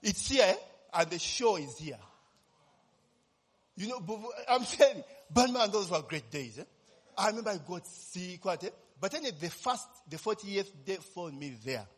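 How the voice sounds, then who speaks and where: A man's voice: high voice, expressive, moderate pace, breathy edge, long reverb tail. A man, preaching a sermon as personal testimony, telling his story animatedly and constantly tossing in tag questions.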